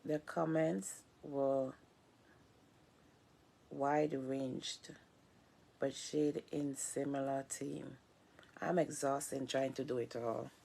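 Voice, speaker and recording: A woman vlogger reading a book aloud in a tired, low-key way, halting and restarting words. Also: little pitch movement, vocal fry, dark tone.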